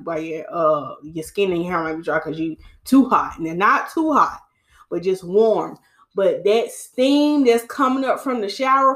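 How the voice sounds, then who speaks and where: A hairstylist who hosts a podcast offers casual hair-care advice in a mid-range voice. She's animated and preachy, repeating her points and calling her listeners sis.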